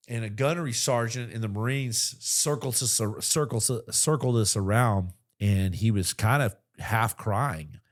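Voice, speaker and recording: Forties male veteran, slightly low voice; animated, salty podcast storyteller who punches his key lines. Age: 40s. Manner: animated, profane, swings to loud emphasis. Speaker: podcast guest, military veteran. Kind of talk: casual storytelling.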